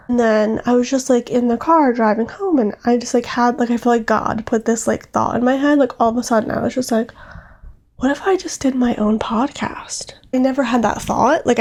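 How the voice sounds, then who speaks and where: A woman's voice: fairly high pitch, vocal fry, a little mellow. A young woman hosting a solo podcast from home, chatting casually and earnestly, full of fillers and restarts. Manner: rambling, filler-heavy, earnest. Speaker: podcast host.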